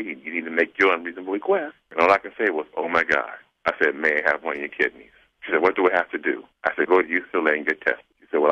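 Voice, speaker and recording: A low-voiced man from South Central Los Angeles races through a personal story on a radio show. He acts out each quoted exchange as he goes. The recording is dull and lo-fi, with a dry sound. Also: dry recording. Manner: animated storyteller acting out quoted dialogue. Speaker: guest telling his story. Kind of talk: storytelling interview.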